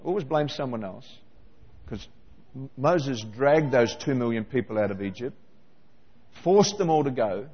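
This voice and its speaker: A man preaching a sermon, animated and constantly questioning his listeners. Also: medium pitch, a little slow, pauses often, slightly rough, big-room sound, highs cut off. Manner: animated, questioning the congregation directly.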